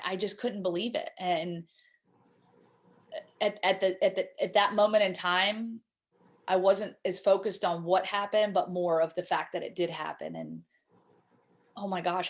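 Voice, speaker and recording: Halting woman telling a painful story. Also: lowish voice. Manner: halting, emotional, many repeated words. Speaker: guest speaker. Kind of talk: personal storytelling interview.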